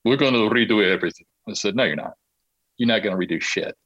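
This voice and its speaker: Low-voiced man telling lively anecdotes. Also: fast, slightly rough, dry recording, dull audio. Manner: animated anecdote-telling, acts out quoted dialogue. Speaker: interview guest, Olympic marketing consultant. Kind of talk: casual storytelling in a podcast interview.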